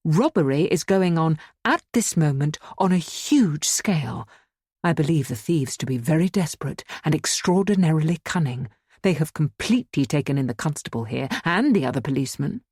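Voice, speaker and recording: A woman voicing a frightened, indignant older woman who pleads urgently in low whispers and sudden cries. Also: lively intonation, normal speed, darkish tone, breathy edge, dry recording, clean studio sound.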